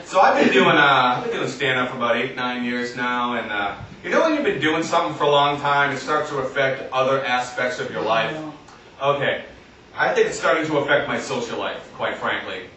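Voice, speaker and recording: A man doing a deadpan stand-up comedy set in front of a live audience, acting out other voices. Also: medium pitch, fairly quick. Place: comedy stage in an arts center, live audience. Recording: echoey venue recorded from a distance, noisy.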